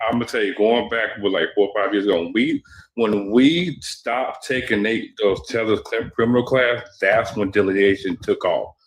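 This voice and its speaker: A man's voice: lowish voice, normal speed, roomy sound. A man calling into a live talk show, speaking casually and emphatically. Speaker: caller.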